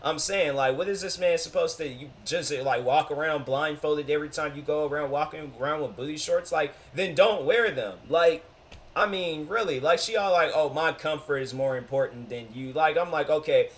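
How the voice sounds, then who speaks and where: A man hosting a reaction video, talking in an animated, rambling way and acting out quotes. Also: a little high, normal speed. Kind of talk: casual reaction commentary.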